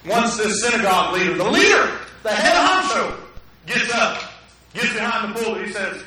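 A pastor preaching a sermon in a conversational way, often putting questions to the congregation, in a church sanctuary. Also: male voice, sits high, big pitch swings, normal speed, sharp tone. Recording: echoey hall, mic at a distance.

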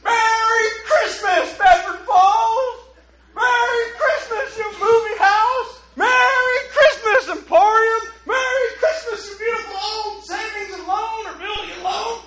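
Ecstatic reborn man shouting greetings, laughing and near tears, as a preacher plays him. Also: very high voice, unhurried, reverberant, a little hiss or hum, voice pushed up, heavily acted.

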